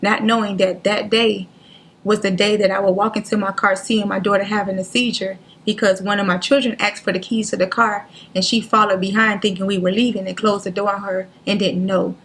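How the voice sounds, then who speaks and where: A woman, a guest on a talk show, telling a painful personal story in an earnest, halting way, near tears, acting out what others said. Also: mid-range voice, flat delivery, fairly bright tone, breathy edge. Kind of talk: emotional personal story in interview.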